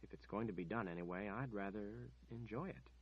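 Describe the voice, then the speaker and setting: A man reading an audiobook, voicing a frightened young woman captive who talks in a soft, coaxing way while faking confidence. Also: on the low side, brisk, slightly rough, lo-fi sound. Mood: coaxing, tense. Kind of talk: audiobook character voice.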